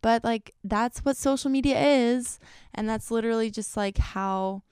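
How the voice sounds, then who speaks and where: Smooth-voiced chatty young woman vlogger. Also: fairly high pitch, normal speed, a little mellow, no room sound, clean studio sound. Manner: chatty, constant "like" fillers, self-deprecating. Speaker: YouTuber. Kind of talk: casual vlog monologue.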